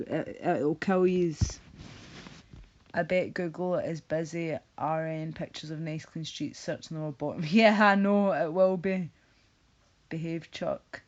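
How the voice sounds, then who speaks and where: A woman's voice: on the low side, a little mellow, lo-fi sound. A woman streaming live, casually chatting with viewers in a blunt, sweary, teasing way.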